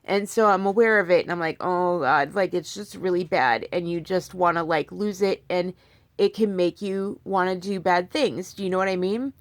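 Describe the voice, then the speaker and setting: A woman's voice: lowish voice, steady tone, normal speed, no echo. A young woman vlogging casually to her phone while in pain, talking in a rambling way with many restarts and asides. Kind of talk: casual talk to camera.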